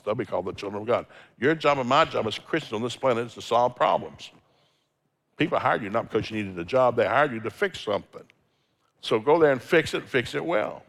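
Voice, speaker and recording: Medium in pitch and fairly bright in tone, this middle-aged man is preaching as a visiting speaker. He quotes scripture and plays out ordinary exchanges between people, delivering his sermon with a folksy storyteller's touch.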